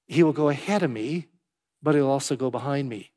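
A man preaching a sermon, swinging between hushed, tender passages and loud, emphatic ones. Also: mid-range voice, brisk. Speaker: pastor.

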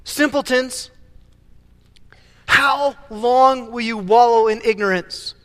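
A man preaching a sermon as pastor, animated, often stumbling and repeating words as he builds a point. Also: very high voice, slow, long reverb tail.

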